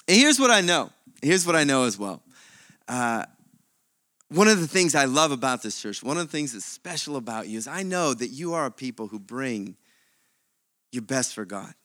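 Animated pastor with a bright, dry voice. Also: male voice, mid-range voice, dry recording. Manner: animated, with sudden swings from loud to quiet. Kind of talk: sermon.

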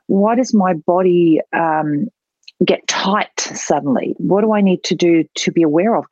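A woman's voice: on the low side, a little mellow, slightly rough, no room sound. A woman, a public speaking trainer, explaining voice tone as a guest in a podcast interview. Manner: explanatory, demonstrating voice types. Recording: dull lo-fi dry sound.

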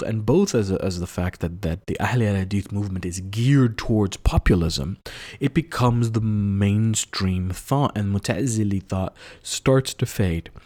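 A man hosting an educational podcast, explaining history in a measured lecturing manner with occasional fillers and restarts. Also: sits low, darkish tone, breathy edge. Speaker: podcast host. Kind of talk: scripted-sounding lecture on history.

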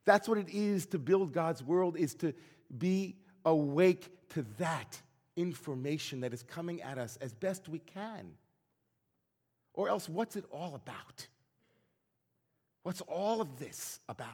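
A man's voice: a little high, animated, unhurried, a little mellow, big-room sound. A man who is a rabbi, delivering an earnest, reflective sermon full of searching questions.

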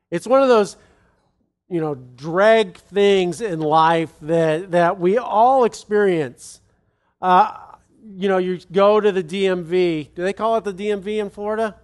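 A man in his thirties preaching in a relaxed, conversational way, rambling with many restarts and asides. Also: high-pitched. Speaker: pastor. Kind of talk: conversational sermon.

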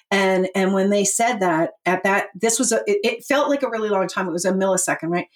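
A middle-aged woman, a podcast guest, tells her life story in an animated way, laughing often and acting out in voices what she and others said. Her mid-range voice moves fairly quickly with few pauses.

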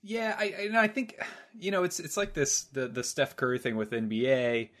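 Relaxed man, hesitant podcast co-host. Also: medium pitch, normal speed. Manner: relaxed, hesitant, filler-heavy. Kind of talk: casual sports podcast chat.

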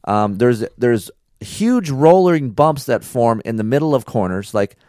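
A man's voice: mid-range voice, unhurried, no echo, studio quality. A man co-hosting a podcast in casual chat, rambling and profane as he tells stories. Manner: rambling, profane, animated storytelling. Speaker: podcast co-host.

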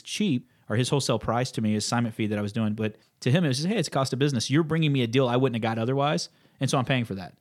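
A man in his thirties co-hosting a podcast in casual chat, an animated storyteller who acts out the people in his stories. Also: mid-range voice. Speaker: podcast co-host.

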